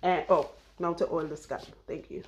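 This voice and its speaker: A woman, her voice sitting a little low. She talks in a loose, rambling way and laughs often. She is recorded close on a clip-on mic. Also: fairly even intonation, moderate pace, darkish tone, slight background noise. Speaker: loctician and vlogger. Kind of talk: casual chat while getting her hair done.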